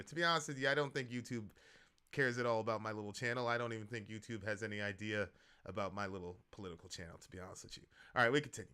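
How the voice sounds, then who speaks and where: A man hosting a political stream, ranting loosely in slang with sudden loud outbursts. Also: mid-range voice. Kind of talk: casual political commentary.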